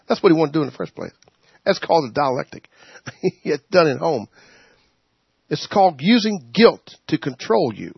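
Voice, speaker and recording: A man leading a Bible study, preaching informally in an animated way, laughing and acting out quotes. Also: on the high side, moderate pace, creaky, husky, no room sound. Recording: dull, muffled sound.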